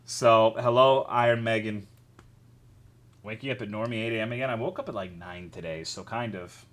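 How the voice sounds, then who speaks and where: A man's voice: fairly low pitch, normal speed, fairly bright tone, slight background noise. A man streaming live, chatting casually with his chat, greeting viewers and swearing a lot while joking around.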